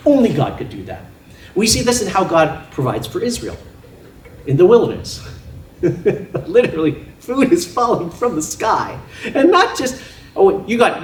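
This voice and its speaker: A man preaching a sermon in a church, animated and often laughing as he makes his points with props and playful sound effects. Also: on the high side, reverberant, recorded from a distance. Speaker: pastor. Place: church sanctuary.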